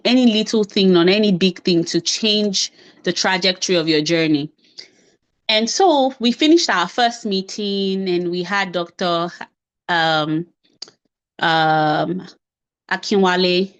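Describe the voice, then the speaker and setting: A woman giving a talk, telling a personal story in a chatty, self-deprecating way and acting out bits of dialogue. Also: mid-range voice. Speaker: invited speaker on medical residency.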